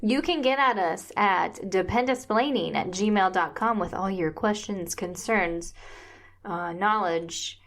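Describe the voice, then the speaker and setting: A woman co-hosting a podcast, chatting casually and tossing in dry, deadpan asides. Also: mid-range voice, unhurried. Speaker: podcast co-host. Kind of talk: casual chat.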